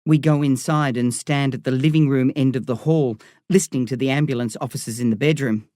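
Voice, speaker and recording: A man reading a first-person novel aloud in a measured storytelling manner. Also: mid-range voice, steady tone, warm tone, dry recording, clean studio sound. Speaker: narrator. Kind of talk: audiobook narration.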